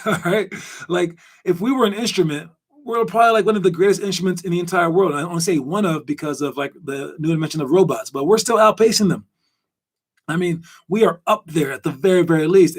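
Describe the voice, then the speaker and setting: A man hosting a casual basketball podcast, rambling and animated with lots of fillers. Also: a little high. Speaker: podcast host.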